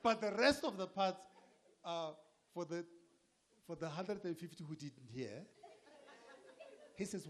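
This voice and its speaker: Man from South Africa, casual talk to audience, joking, slightly higher voice, animated. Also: unhurried, long pauses. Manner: lively, joking, mixes in local-language phrases. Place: event hall with audience.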